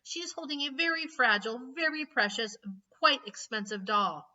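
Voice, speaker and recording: A fussy, doting old shopkeeper who mends dolls, as a woman reading a storybook puts him on. The voice sits high and bright, and it sounds a little distant and dull on the recording. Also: lively intonation, normal speed, exaggerated voice. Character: fussy, kindly old male dollmaker.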